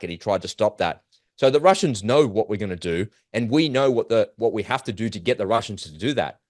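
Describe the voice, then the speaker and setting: A man giving an urgent, animated commentary monologue, firing off rhetorical questions as host of his own show. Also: lowish voice, no room sound, studio quality. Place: at home in Australia.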